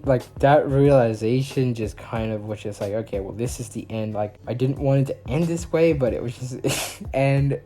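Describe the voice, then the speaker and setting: A man's voice: medium pitch, warm tone. A young man vlogger telling a story in a rambling way, full of fillers. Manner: rambling, filler-heavy casual talk. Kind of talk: storytime vlog.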